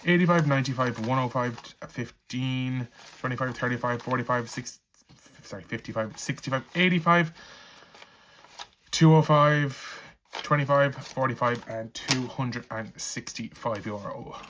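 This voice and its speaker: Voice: medium pitch, measured pace, a bit bright, a little hiss or hum. A budgeting vlogger with an Irish accent, chatting casually at home while counting cash aloud into envelopes. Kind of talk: casual vlog chat.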